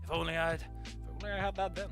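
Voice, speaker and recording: A streamer reading a visual novel aloud and commenting along with it, with animated, jokey reactions and loud squeals. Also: medium pitch, quick pace, vocal fry, over music.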